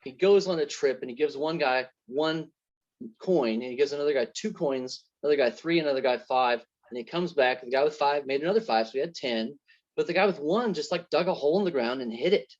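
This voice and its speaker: A man's voice: fairly high pitch, fairly quick. A man giving an earnest, faith-centred testimony as an interview guest, telling parables to make his points. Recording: dull lo-fi sound.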